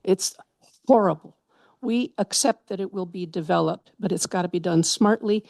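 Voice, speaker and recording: A woman with a gravelly, creaky voice gives passionate public comment at a council meeting. She rambles with enthusiasm, and the sound is dry and close. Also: on the low side, normal speed, darkish tone, no room sound. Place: town council chamber.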